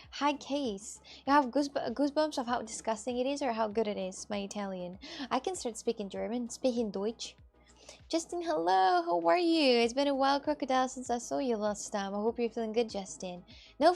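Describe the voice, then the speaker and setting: A woman's voice: fairly high pitch, a little mellow. A woman livestreaming, chatting casually and answering viewer messages in a teasing way. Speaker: livestreamer reading chat. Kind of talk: casual live-stream chat.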